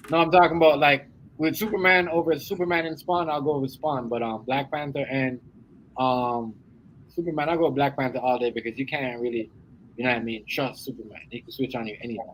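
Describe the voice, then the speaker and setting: A man talks in an excitable, repetitive way, firing the same question again and again in a casual hangout. A faint background hum sits behind his mid-range voice. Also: mid-range voice, a little fast, low-quality recording. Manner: animated, repeats himself. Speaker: co-host. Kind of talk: casual group chat.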